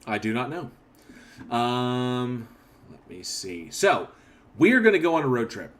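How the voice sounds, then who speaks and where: A man's voice: mid-range voice, animated, a little slow, a bit bright. Rambling man hosting a livestream. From northern Oklahoma. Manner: rambling, restarts, reads chat aloud. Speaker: livestream host. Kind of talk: casual livestream chat reading comments.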